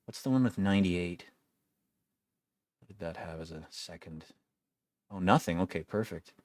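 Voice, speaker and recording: A man's voice: sits low, normal speed, darkish tone, dry recording. A young man giving casual gameplay commentary, wry and complaining, swearing freely as he plays. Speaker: gaming video creator.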